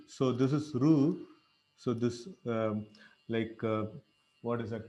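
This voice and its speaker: A man leading a scripture reading, coaching pronunciation in a halting way with frequent fillers and self-corrections. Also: mid-range voice, fairly even intonation, a little mellow, dull audio. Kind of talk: pronunciation lesson, online class.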